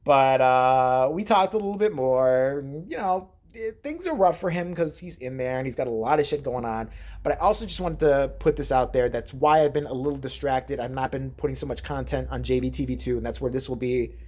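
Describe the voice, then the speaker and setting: A man giving a casual vlog update, crude and sarcastic, with a husky voice. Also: mid-range voice, animated, fairly quick, darkish tone. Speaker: vlogger.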